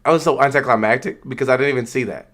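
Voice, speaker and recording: A man's voice: medium pitch, rapid-fire, fairly bright tone. A man hosting a livestream, giving slangy, loose live reaction commentary and talking back at the screen. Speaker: livestream host.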